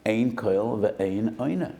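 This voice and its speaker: A man's voice: on the low side, expressive, takes it slowly, creaky, warm tone, breathy edge. An older man, a rabbi, giving a sermon, telling a parable with Hebrew phrases and acting out both sides of a dialogue. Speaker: rabbi giving a Torah lecture. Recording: roomy hall with long reverb.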